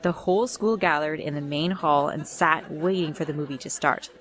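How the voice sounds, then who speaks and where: A woman's voice: deep voice, steady tone, moderate pace, a bit bright. A woman narrating a first-person story in a plain storytelling read.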